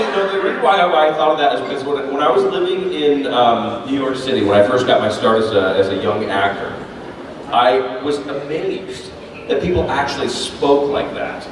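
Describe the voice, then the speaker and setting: A man, a voice actor, telling animated stories with laughter at a convention panel. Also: mid-range voice, normal speed. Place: large convention panel room. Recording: echoey hall from far off, noisy.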